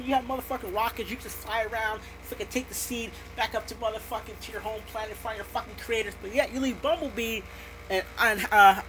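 A woman's voice: sits high, fairly bright tone, slight background noise. A woman delivering a heated, sarcastic, heavily profane movie rant on her audio show, with many restarts.

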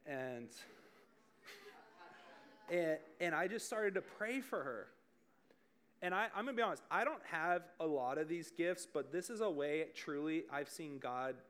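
Man, 30s, youth-style preacher with a slightly high voice, casual and chatty, animated storyteller. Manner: animated and chatty, full of "like" and restarts, laughing at his own stories. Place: church service in front of a group.

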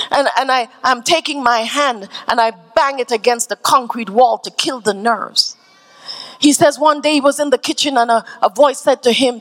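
A woman pastor preaches with a high, ringing voice. She drives her points home through repetition and rises into shouted climaxes. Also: moderate pace. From Canada. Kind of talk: sermon.

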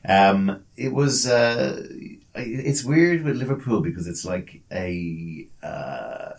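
This podcast co-host has a lowish, gravelly, expressive voice and takes his time speaking. Over drinks, he trades loose, meandering banter, joking and cursing without restraint.

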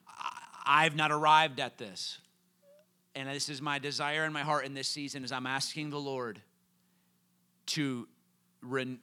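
A young man preaching a sermon, telling a story with quoted voices and laughs before building to fervent, loud calls. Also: medium pitch. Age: young adult. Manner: laughs between lines.

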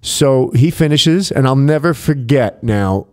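Chatting casually at an unhurried pace, a DJ with a medium-pitched voice recounts backstage tales, swearing liberally and playing out other people's lines with animation.

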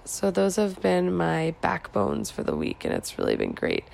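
A woman's voice: fairly low pitch, wildly swooping pitch, moderate pace, creaky, darkish tone. A tired young woman vlogger chatting casually late at night, musing and rambling with lots of "like". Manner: rambling, musing, heavy filler "like". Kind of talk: casual chat.

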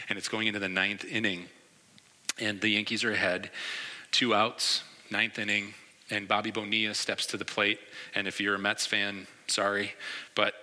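A man in his forties from New York preaching a sermon, telling a lively personal story and acting out the reactions he quotes. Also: fairly low pitch, big-room sound. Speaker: pastor.

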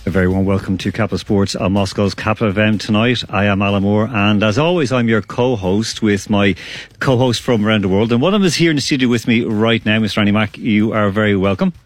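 A man's voice: lowish voice, fast, dry recording. A man hosting a radio sports roundup from a studio, chatty and rambling with lots of fillers. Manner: chatty, rambling, self-deprecating with many fillers. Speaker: radio sports show host.

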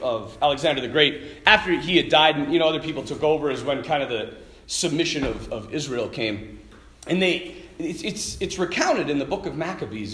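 An animated man speaks to a group about faith. He tells stories and slips into the voices of the people in them. His voice sits high and moves widely in pitch, and the room gives it a clear echo. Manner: animated storytelling, acting out quoted voices. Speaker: Catholic speaker. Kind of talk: lively faith talk to a group.

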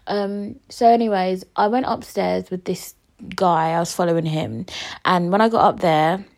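A woman's voice: on the low side, moderate pace, vocal fry. A woman, a podcast host telling a story in casual, slangy talk and acting out what people said. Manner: animated, slangy, acts out conversations.

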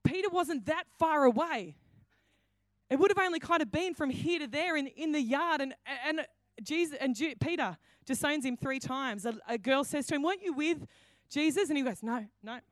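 A woman's voice: sits high, normal speed, no echo. A woman pastor preaching a sermon, telling the story with acted-out quotes and many restarts. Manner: storytelling, acts out quoted lines, frequent restarts.

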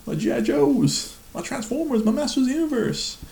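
A man mimicking himself as a weepy grown man wailing over his lost childhood toys, in a high whiny falsetto. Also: big pitch swings, fairly quick, vocal fry, a little mellow, reverberant, full character voice. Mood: whimpering.

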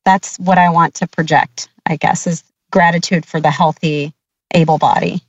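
A woman's voice: low-pitched, steady tone, moderate pace, dry recording, lo-fi sound. A woman guest on a podcast, a nurse, talking candidly and reflectively. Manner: candid, reflective, with light laughs. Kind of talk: casual interview chat.

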